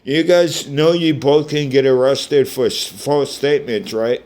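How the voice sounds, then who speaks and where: A man talks slowly and at an unhurried drawl in a middle-pitched voice, telling his side in a rambling vlog rant. He swears constantly, breaks off to restart sentences and turns to address the people he blames. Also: a little mellow. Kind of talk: angry personal rant.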